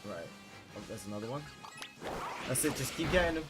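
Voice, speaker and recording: A man's voice: medium pitch, sing-song, brisk, pauses often. A young man streaming a game live, talking to his chat and repeating himself as he gets worked up. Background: background music.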